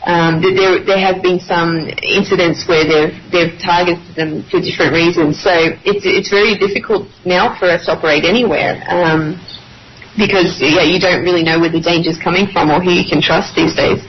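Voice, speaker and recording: A woman's voice: fairly low pitch, steady tone, moderate pace. A woman with an Australian accent, a journalist speaking as a radio guest over a video call, hesitant with many restarts. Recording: muffled call audio with faint hiss.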